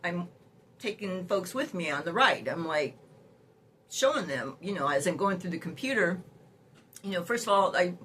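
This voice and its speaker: A woman's voice: fairly low pitch, lively intonation, normal speed, long pauses, a bit bright, a little hiss or hum. Sassy older woman who laughs a lot. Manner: laughs often while talking; sassy, exasperated commentary. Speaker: vlogger. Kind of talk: casual storytelling.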